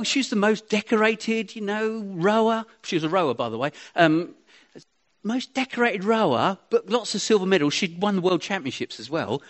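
A man giving an informal, chatty sermon to a congregation, rambling with self-deprecating asides. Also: high-pitched. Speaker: preacher.

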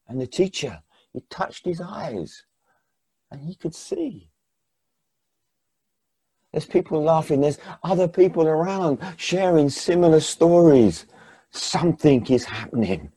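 A man preaching a sermon as second-person guided storytelling, dramatic, swinging between hushed and emphatic. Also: fairly high pitch, lively intonation, unhurried, breathy edge, no room sound.

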